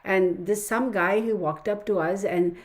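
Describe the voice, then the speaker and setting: A woman's voice: mid-range voice, a little slow. Chatty middle-aged woman livestream host. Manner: chatty, excitable storytelling. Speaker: tarot reader hosting a livestream. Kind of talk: casual livestream chat with viewers.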